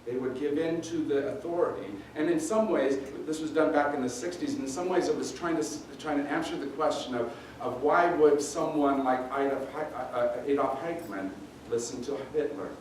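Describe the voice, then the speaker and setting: A pastor preaching a sermon in a conversational, halting way, often repeating words. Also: male voice, a little high, a little hiss or hum. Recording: roomy echo, distant mic, faint ambience.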